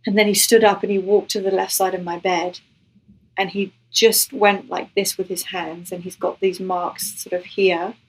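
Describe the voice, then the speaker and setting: Woman guest telling her faith testimony, husky voice, earnest and emotional, acts out the lines. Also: mid-range voice, little pitch movement, normal speed, darkish tone, poor audio. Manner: earnest, emotional storytelling that acts out what was said.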